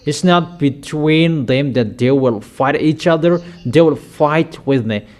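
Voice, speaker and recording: Slow, emphatic male preacher. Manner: emphatic, repetitive preaching with sudden loud high outbursts. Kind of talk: sermon.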